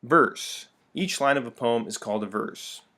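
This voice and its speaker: A man's voice: medium pitch, animated, measured pace, sharp tone. A young man gives a recorded classroom lesson in his own middle-range voice. He keeps it light and playful, dropping jokes and asides between the definitions as he walks through the material. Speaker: teacher.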